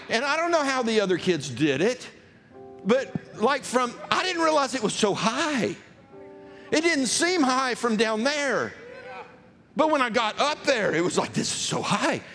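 Male pastor, high and expressive, animated storyteller, long church reverb. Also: normal speed, soft background music. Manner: animated, acts out voices in his story, shouts and laughs. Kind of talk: sermon with storytelling.

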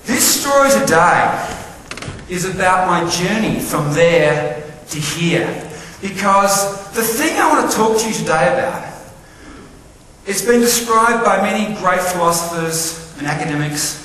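Animated man in an echoey hall. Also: on the high side, slight background noise. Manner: animated, quizzes the audience. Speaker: motivational speaker. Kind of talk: live keynote talk to an audience. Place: large hall with live audience. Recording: echoey hall with long reverb, faint ambience.

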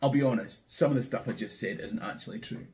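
A man's voice: medium pitch, fast talker, a little mellow. A Scottish man, a history tour guide, giving a wry, sardonic commentary to camera. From Scotland. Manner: wry, sardonic, building to mock outrage.

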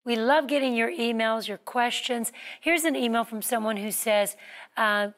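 A woman's voice: fairly high pitch, normal speed, a bit bright. Conversational female talk-show co-host. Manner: conversational, reflective, prompts her co-host. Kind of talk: reading viewer mail on a talk show.

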